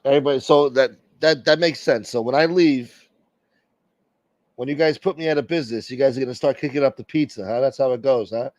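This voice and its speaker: A man's voice: mid-range voice, a little fast, a little mellow, no room sound. Brash, profane male livestream host. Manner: brash, profane, joking banter with viewers. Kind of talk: casual livestream chat.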